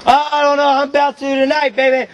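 A man doing excited play-by-play commentary for a wrestling match, exclaiming and shouting over and over. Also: extremely high pitch, fast, highs cut off, a crowd in the background.

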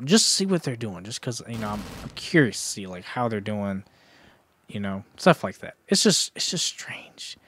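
A young man giving casual, rambling commentary while playing a zombie shooter, breaking into sudden excited outbursts, talking into a headset at home. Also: lowish voice. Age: young adult. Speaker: gaming YouTuber. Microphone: gaming headset.

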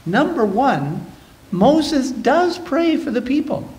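Canadian male pastor, high-pitched, dynamic sermon delivery with scripture reading. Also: sing-song, slow pace. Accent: Canadian English. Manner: preaching with dynamic shifts between loud and soft, reading scripture aloud. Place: church sanctuary.

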